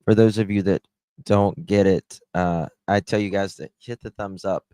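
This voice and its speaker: A tired livestream host with a drawl talks loosely to his chat and reads out names. His voice sits very low. The sound is dry and close to the mic. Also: steady tone, moderate pace, mellow, no echo. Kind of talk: casual livestream chat reading comments.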